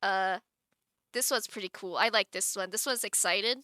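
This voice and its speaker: A woman's voice: medium pitch, normal speed, sharp tone, no room sound, studio quality. A woman streamer chatting casually on a live stream, giggling often and rambling with many restarts.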